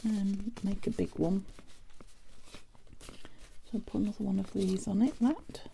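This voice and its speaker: British lady crafting and chatting to herself, really mellow low-toned voice, a bit gravelly, faint hiss behind. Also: steady tone, measured pace. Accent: British English. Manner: chatty, thinking aloud while working, soft half-whispered asides. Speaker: craft vlogger. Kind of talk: casual crafting chat.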